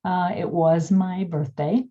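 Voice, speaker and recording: An older woman reflectively telling a personal childhood story over a video call, pausing with many fillers. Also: on the low side, steady tone, dark tone, lo-fi sound. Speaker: workshop participant.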